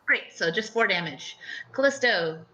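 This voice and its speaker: Woman game master, giggly, chatty, bright voice, dull lo-fi voice chat. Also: mid-range voice, expressive, measured pace. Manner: chatty, giggly, filler-heavy. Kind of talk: running a tabletop game over voice chat.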